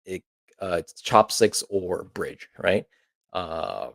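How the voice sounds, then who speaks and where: A man's voice: deep voice, unhurried, gravelly, no echo. A man from Kyushu, teaching a casual online language lesson as a teacher in a laid-back, chatty way with joking asides. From Kyushu, Japan. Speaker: Japanese teacher.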